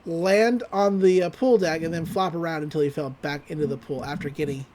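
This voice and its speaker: A woman's voice: low voice, fairly even intonation, a little fast, a little mellow. A woman co-hosting a podcast, giving a chatty, casual recap with laughs and fillers. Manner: chatty, giggly, with frequent fillers. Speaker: podcast co-host.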